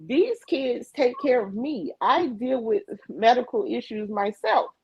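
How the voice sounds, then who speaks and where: A middle-aged woman speaking slowly in a husky voice, hammering points home by repeating herself. Her words land dry and close, with no room sound. The stream audio is a bit dull and lo-fi, as over a video call. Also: fairly high pitch, no room sound. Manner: emphatic, repeats phrases for emphasis. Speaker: livestream co-host. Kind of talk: candid conversation. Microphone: video call mic.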